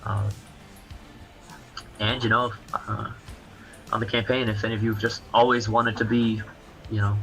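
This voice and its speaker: A man, a comic book creator guesting on a livestream, chatting casually in halting, rambling explanations. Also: fairly low pitch, level tone, creaky, a bit bright, faint music behind, poor audio.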